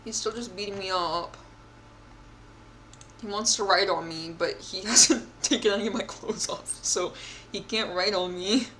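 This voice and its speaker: A woman's voice: mid-range voice, measured pace, fairly bright tone, a little hiss or hum. A young woman streamer reading a text game aloud and reacting, chatty and giggly, with a mock-indignant edge.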